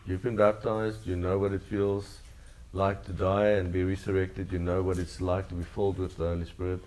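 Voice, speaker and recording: A man with a very low voice delivering a sermon. His preaching is earnest and leans on repeated phrases. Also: flat delivery, moderate pace, darkish tone. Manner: earnest, repetitive preaching cadence. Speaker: pastor.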